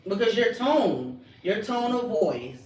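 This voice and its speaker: A woman's voice: on the high side, big pitch swings, slow, a little mellow. A woman in a casual family chat, teasing and laughing as she talks, recorded in an echoey room from a distance. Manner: teasing, laughs while talking. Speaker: daughter.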